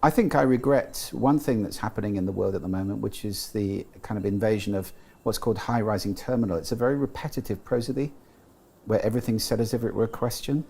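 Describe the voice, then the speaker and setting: Speaking quickly, this British man has a lowish, husky voice with vocal fry and a darkish tone. He is a guest expert on sound and speech, giving careful, thoughtful explanations in an interview, with frequent restarts, fillers and "you know."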